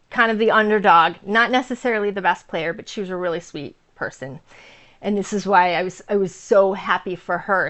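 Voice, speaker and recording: A woman's voice: medium pitch, fairly bright tone. A woman in her forties telling a heartfelt personal story in a casual vlog, earnest and emotional, with frequent fillers and restarts. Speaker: vlogger sharing personal stories.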